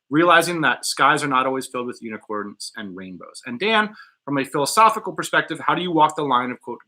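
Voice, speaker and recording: A man's voice: fairly high pitch, pushed and bright. A man hosting a casual podcast chat in a studio, blunt and joking, with some profanity. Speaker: podcast host.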